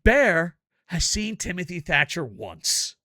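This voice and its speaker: A man hosting a casual video review, ranting loudly and profanely in bursts of excitement. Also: high-pitched, takes it slowly, no echo, clean studio sound. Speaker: wrestling reviewer and show host.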